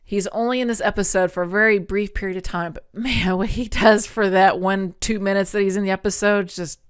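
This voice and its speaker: Casting: woman podcast host, smooth clear voice, earnest and emotional, chatty recap. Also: mid-range voice, fairly even intonation, fairly quick. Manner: earnest and chatty, often laughing; emotional, near tears. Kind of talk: casual episode recap.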